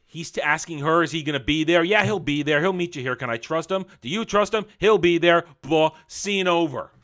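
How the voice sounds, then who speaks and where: Angry, sarcastic male reviewer; high, bright voice; loud outbursts, muttered asides. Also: brisk. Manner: angry, sarcastic, mocking, swings loud and soft. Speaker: show reviewer. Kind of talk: ranting review commentary.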